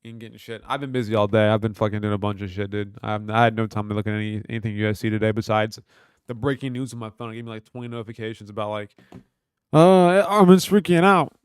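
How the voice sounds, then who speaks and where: A man's voice: lowish voice, level tone, racing, clear, resonant tone, dry recording, studio quality. A young man from Kentucky hosting a casual livestream, joking loosely, swearing often and reading chat aloud. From Kentucky, USA. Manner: loose, profane, joking banter. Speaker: livestream host.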